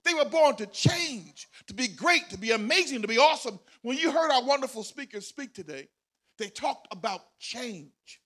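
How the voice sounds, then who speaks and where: Male host, very high and sharp voice, loud motivational speaker firing up students in an auditorium. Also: moderate pace. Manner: loud, energetic, hyping up the audience. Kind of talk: motivational speech to a crowd. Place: large performing arts center auditorium.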